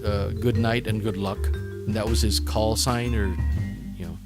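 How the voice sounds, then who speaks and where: A man's voice: lowish voice, level tone, a little slow, music in the background. A man hosting his own podcast, rambling through a casual sign-off with lots of fillers and self-mocking asides, his voice worn out after a long session. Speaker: podcast host.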